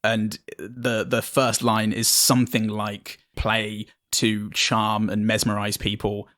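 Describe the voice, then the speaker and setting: A man's voice: on the low side, completely flat delivery, slow, fairly bright tone, no echo, clean studio sound. A man from the United Kingdom, a player on a tabletop game podcast, chatting casually in a rambling way with many restarts and laughs. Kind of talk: casual chat.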